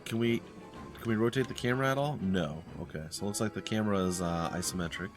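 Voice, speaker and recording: Rambling low-voiced man commenting on gameplay. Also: quick pace, over music. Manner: rambling, hesitant, with many fillers and restarts. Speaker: let's play host.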